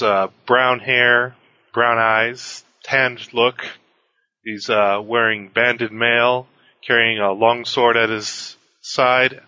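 A man's voice: mid-range voice, sharp tone, no room sound, highs cut off. A man playing a tabletop game, describing his character hesitantly. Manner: hesitant, with many fillers. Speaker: player.

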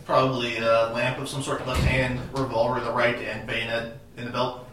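A man's voice: medium pitch, little pitch movement, fairly quick, background noise. A man playing a tabletop game who jokes and speaks plainly. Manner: joking, plain-spoken. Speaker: player. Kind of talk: casual tabletop game play. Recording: echoey room, mic far off.

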